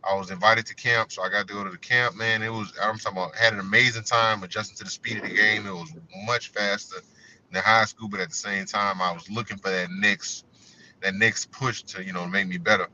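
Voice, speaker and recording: A man's voice: lowish voice, fairly even intonation, fairly quick, bright, forceful tone. A man, a former college running back, tells his story in an interview in a conversational way, often saying "you know". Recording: dull lo-fi audio with faint noise.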